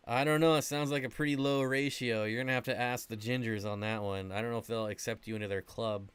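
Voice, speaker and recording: A man's voice: mid-range voice, fairly even intonation, quick pace, few pauses, a bit bright, clean tone, dry recording. A man hosting an aquarium livestream, chatting casually and answering viewer questions, rambling with lots of fillers. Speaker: aquarium channel host.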